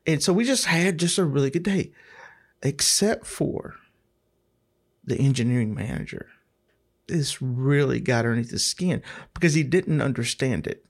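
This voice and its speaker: A middle-aged man telling a rambling, casual story, often repeating words and clearing his throat. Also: mid-range voice, lively intonation, normal speed, pauses often.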